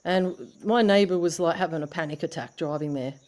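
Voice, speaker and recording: A woman's voice: lowish voice, a little fast, darkish tone. Blunt Australian woman telling stories. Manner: blunt storytelling with swearing and acted-out quotes. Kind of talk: casual chat.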